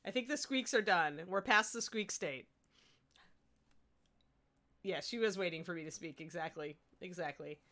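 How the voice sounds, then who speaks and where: A young woman with a fairly low voice hosts a casual livestream while painting miniatures, speaking at normal speed with frequent pauses in a pushed, bright tone. She's chatty and laughing, a little sleepy after a broken night, and talks to her dog between remarks.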